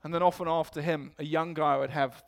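Male preacher, slightly high voice, lively storytelling sermon. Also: brisk, vocal fry. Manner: storytelling, animated quotes. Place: church.

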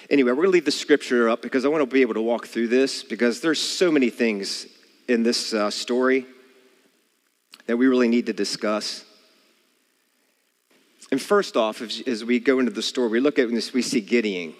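A man's voice: medium pitch, moderate pace, pauses often, in a large hall. A man preaching a sermon, earnest and asking the listeners rhetorical questions.

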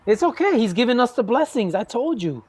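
A woman's voice: on the high side, brisk. A woman hosts a loose, joking internet radio show, her voice swooping up and down as she plays around. She laughs often and chats with her co-hosts. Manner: animated, laughing, playful. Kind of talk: casual group banter.

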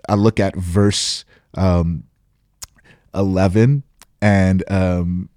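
Pastor co-host, man, low voice, dry close sound, thoughtful and reflective. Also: fairly even intonation, drawn-out words, a little mellow, dry recording. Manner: reflective, thoughtful, speaks in abstract terms. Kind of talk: casual Bible discussion.

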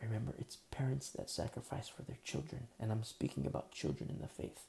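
A man delivers a sermon in a gravelly, low-toned voice with a mellow edge. He repeats his points insistently and moves between hushed, almost whispered lines and loud, forceful ones. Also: fairly quick. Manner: emphatic and repetitive, dropping to near-whispers then rising loud. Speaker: preacher.

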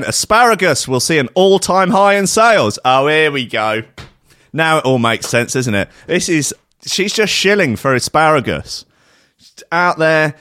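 Brief: British male podcast host, mid-pitched, sarcastic and rambling, dry close sound. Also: fairly bright tone, dry recording. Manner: sarcastic, rambling, full of fillers. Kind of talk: comic monologue.

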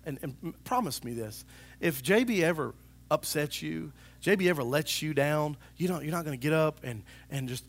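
A male pastor preaching a sermon in a church, animated and talking to the congregation, now and then acting out voices. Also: a little high, normal speed. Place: church sanctuary.

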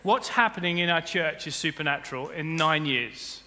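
A man preaching a sermon as pastor, building to loud emphatic peaks. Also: fairly high pitch, lively intonation, normal speed. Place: church auditorium. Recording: long hall reverb with faint music.

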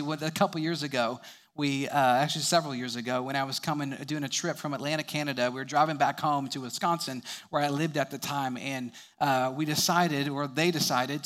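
Chuckling young male preacher, slightly high voice. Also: fairly bright tone. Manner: storytelling, chuckling between sentences. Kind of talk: sermon.

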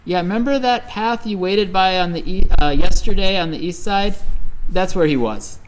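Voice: medium pitch, very animated, a little slow, a little hiss or hum, pitched above the performer's own voice, poor audio. The storyteller voices eager village gossips passing along news. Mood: gossiping.

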